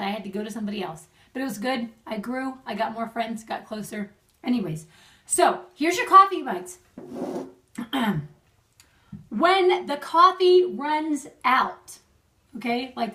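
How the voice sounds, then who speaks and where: A woman's voice: on the high side, pushed and bright, far from the mic. A young adult woman giving friendly marriage advice in a casual video message, chatty and laughing often. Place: at home.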